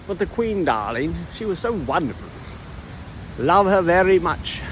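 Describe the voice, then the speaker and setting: A man's voice: high voice, big pitch swings, fairly bright tone, a little hiss or hum, full character voice. A man putting on an effeminate, posh English voice that gushes and drawls "darling". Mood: gushing. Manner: gushing, drawn-out, sing-song, says "darling". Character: effeminate posh English voice in his head, gushing.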